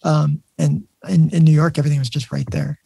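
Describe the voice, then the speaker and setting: Gravelly, husky man chatting fast. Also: fairly high pitch, level tone, warm tone. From New Mexico. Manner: rambling, many restarts and "like"s. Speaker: podcast host, emergency nurse. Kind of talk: casual storytelling chat.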